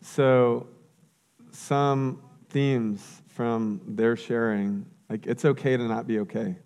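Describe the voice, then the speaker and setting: A man's voice: medium pitch, steady tone, slow pace, a little mellow, clean tone. A man preaching as a pastor, earnest and repeating key phrases, then closing in prayer.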